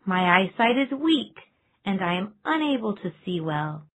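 Gretel, a man doing a high little girl. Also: sing-song, a little slow, fairly bright tone, a little hiss or hum, heavily acted. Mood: pleading. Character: young girl Gretel, frightened but brave. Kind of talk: storybook reading.

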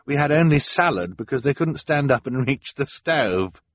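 A man's voice: mid-range voice, animated, normal speed, no echo, pitched above the performer's own voice, close to an everyday voice. A man voicing a bookish, tired teenage boy, the middle sibling, thoughtful and mild. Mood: weary.

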